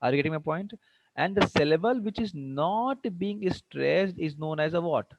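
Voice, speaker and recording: A man's voice: on the high side, animated, moderate pace, creaky, lo-fi sound. A man with an Indian English accent teaching an English class online. He asks many questions, repeats himself, and mixes in Hindi phrases.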